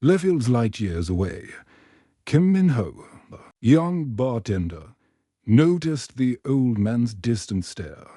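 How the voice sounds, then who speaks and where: A man narrating a scripted story in a steady, even way. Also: mid-range voice, slow, dry recording, clean studio sound.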